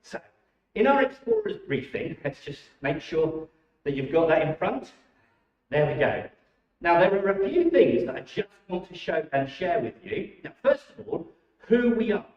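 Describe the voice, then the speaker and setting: A man leading children through warm-up exercises at a church holiday club, enthusiastic and encouraging, in a church hall. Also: fairly high pitch, big pitch swings, normal speed. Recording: echoey, dull sound from a distant mic.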